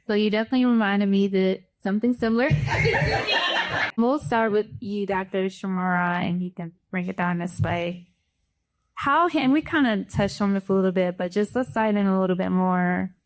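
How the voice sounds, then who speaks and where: Brisk woman host moderating a panel. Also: medium pitch.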